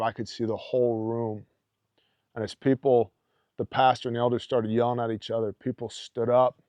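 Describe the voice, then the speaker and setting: A man with a warm, medium-pitched voice casually tells a personal story, blunt and emphatic, often throwing in "man." It's dull, dry lo-fi podcast audio with no room sound.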